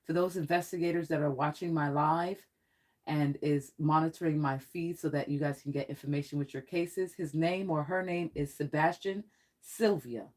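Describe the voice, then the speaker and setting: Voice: mid-range voice, steady tone, moderate pace, a little mellow. Rambling psychic tarot reader on a live stream. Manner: rambling and talkative, often laughing; blunt and threatening toward trolls. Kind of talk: casual live-stream chat.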